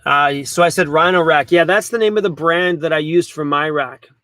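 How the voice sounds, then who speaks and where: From inside a camper van, a man hosts a casual van life livestream, chatty and relaxed, with the occasional swear word. His voice is fairly high, bright and forceful, at a normal speed. There's no room sound.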